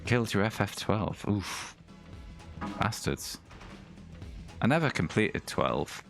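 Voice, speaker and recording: A male game streamer chats casually and reads out review scores with dry asides. His voice sits very low and rough with vocal fry. Soft music plays faintly underneath. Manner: chatty, reads aloud and comments dryly.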